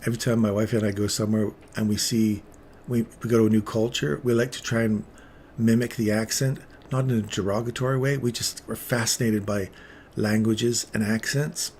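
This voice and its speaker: A lower-pitched man talks through a live trading session, wandering off into chatty tangents and then back to the charts. His delivery is loose and playful as he jokes with viewers, with a faint hum of noise behind him. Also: fairly even intonation, brisk, a little mellow. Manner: rambling, chatty, drifting between topics. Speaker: trading stream host.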